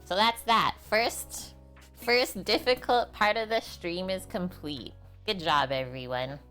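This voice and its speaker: A young half-French woman hosts a casual cooking livestream from her home kitchen, prepping food while she chats and answers viewers' comments. Her lowish voice moves slowly, with a bright, forceful tone. Faint music plays behind her.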